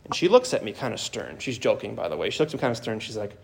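Man, priest giving a homily, earnest, storytelling, mid-pitched voice. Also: big pitch swings, fast talker, vocal fry, hardly any pauses.

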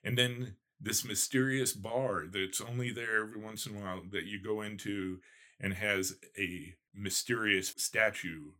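A man on a book podcast, retelling a spooky novel's plot as an animated storyteller. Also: fairly low pitch, unhurried. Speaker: podcast host discussing books. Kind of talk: casual book chat and reading aloud.

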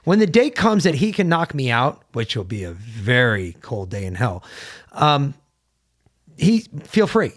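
A man's voice: medium pitch, big pitch swings, a little slow. A man co-hosting a casual opinion podcast, talking bluntly and emphatically and swearing freely. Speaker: podcast co-host.

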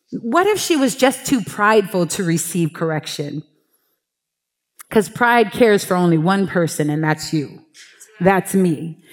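A woman preaching a sermon from the pulpit, telling lively stories and acting out her own prayers and God's replies. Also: medium pitch, big-room sound. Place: church pulpit.

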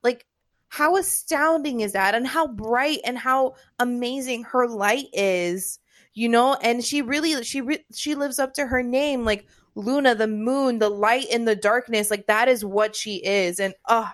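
A woman's voice: a little high, a little slow, dry recording. A woman hosting a casual chat, talking in a gushing, emotional way with lots of "like". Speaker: podcast host.

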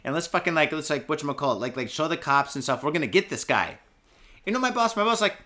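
A man hosting a podcast, telling a story in a loose, profane way, swearing constantly and shouting out quoted lines. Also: a little high, animated, quick pace. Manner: profane, peppers speech with "and shit" and "fucking". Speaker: podcast host.

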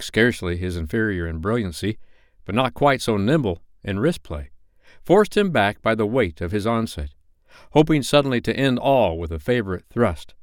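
Lively, expressive male storyteller. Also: lowish voice, dry recording, studio quality. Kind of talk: audiobook narration.

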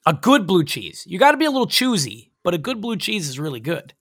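Animated, teasing male podcast host. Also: sits high, a little fast. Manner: playfully exasperated, teasing. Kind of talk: casual chat.

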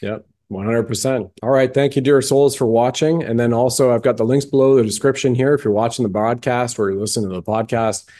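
A man's voice: medium pitch, fairly even intonation, brisk, hardly any pauses, mellow. A male podcast host interviewing a guest in a fervent, emphatic, folksy way. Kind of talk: interview conversation.

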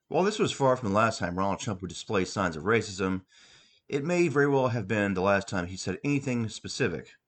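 A man hosting a podcast, reading his own comic story aloud with wry, deadpan narration. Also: fairly low pitch, fairly quick. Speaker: podcast host and author.

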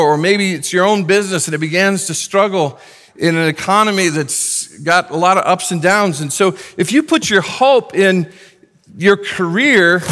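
A man's voice: on the high side, fairly bright tone. A man preaching a sermon to his congregation, earnest and conversational, with casual asides. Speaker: pastor. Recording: long hall reverb.

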